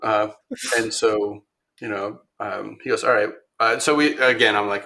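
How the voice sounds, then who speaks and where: Casual storytelling from a man with a low, bright, forceful voice. He rambles through his story with plenty of ums and restarts. He livens up whenever he quotes someone else. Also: unhurried, gravelly. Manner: rambling, many ums and restarts, animated when quoting others. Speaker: podcast guest, machine shop owner.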